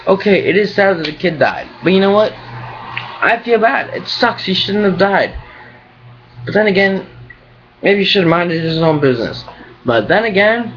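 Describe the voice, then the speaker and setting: A man's voice: sits high, lively intonation, moderate pace, fairly bright tone, muffled recording, a little hiss or hum. A young man vlogging in a rambling, profane, ranting way. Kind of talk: casual rambling vlog.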